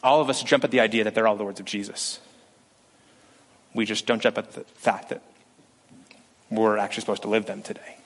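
A male pastor preaching a sermon, animated and lively, acting out quotes from scripture with shifts in pitch. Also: brisk, long pauses.

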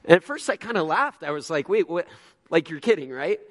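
A man's voice: fairly high pitch, lively intonation, fairly quick. A man preaching a sermon as a pastor, earnest and conversational, telling personal stories with frequent restarts.

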